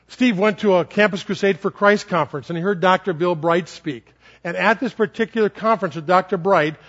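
A man preaching a sermon earnestly, stressing key phrases slowly. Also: high voice, dull audio. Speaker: pastor.

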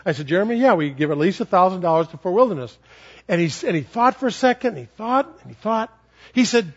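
Animated high-voiced male preacher. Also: fast, breathy edge. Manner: animated storyteller, acting out children's voices. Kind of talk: sermon with acted-out stories. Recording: dull lo-fi recording.

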